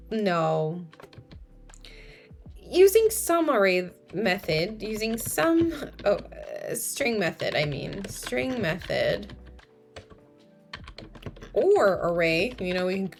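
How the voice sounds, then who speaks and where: A young woman streaming live while she codes, thinking aloud, chatting with viewers and correcting herself mid-sentence. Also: fairly low pitch. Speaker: streamer teaching coding.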